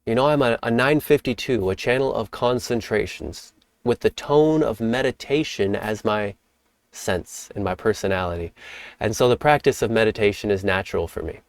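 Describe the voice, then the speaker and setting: A man hosting a spiritual teaching talk, speaking in a calm, reflective way and sometimes acting out playful examples. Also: lowish voice, moderate pace, no echo. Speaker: host.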